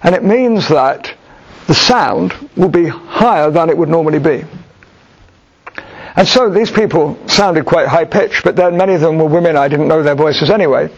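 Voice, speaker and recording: A middle-aged man answering an audience question with a personal story, thoughtful and halting, with frequent restarts. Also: on the high side. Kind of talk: storytelling Q&A talk. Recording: dull lo-fi recording.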